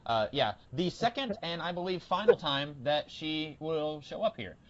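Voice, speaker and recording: A man co-hosting a podcast, chatting casually about a TV episode with lots of fillers and bursts of excitement. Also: on the high side, normal speed, dull audio, over a noisy crowd. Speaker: podcast co-host. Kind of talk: casual TV discussion.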